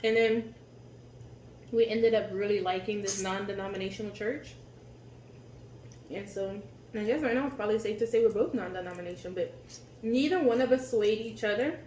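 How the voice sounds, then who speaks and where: A woman chatting casually and telling family stories with an animated, easily amused delivery. Her voice rings in an echoey room with a faint hum behind it. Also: medium pitch, moderate pace, pauses often. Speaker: co-host of a couple's channel. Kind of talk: casual storytelling chat.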